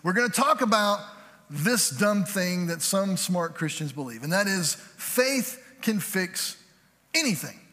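A middle-aged pastor preaches in a loose, joking way, slipping quick asides into his sermon. His voice sits high for a man. Long reverb rings around him in the church sanctuary. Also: big pitch swings, pushed and bright.

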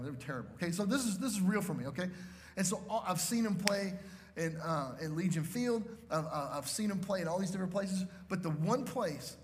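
A man's voice: sits high, long reverb tail, a little hiss or hum. A man preaching a sermon as pastor, telling a story with emphasis and often checking in with the crowd. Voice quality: emphatic storytelling with frequent "okay?" check-ins.

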